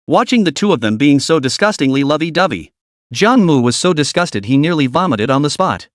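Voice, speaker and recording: A man narrating a comic story recap in a brisk storytelling manner. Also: on the high side, sing-song, no echo, clean studio sound.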